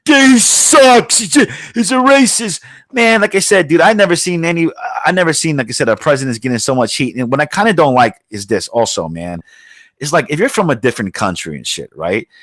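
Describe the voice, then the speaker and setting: A man's voice: mid-range voice, lively intonation, fast, fairly bright tone, no room sound. A man hosting a podcast in a casual, rambling rant, swearing often and filling gaps with "you know what I mean.". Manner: rambling, swears a lot, many fillers. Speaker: podcast host. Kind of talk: casual profane political rant.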